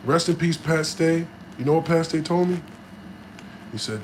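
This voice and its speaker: A man who battle raps chats casually and live with his fans, rambling, slangy and profane, alternately amped up and subdued. His fairly high voice has a darkish tone and a normal speed. The sound is roomy with a little hiss or hum.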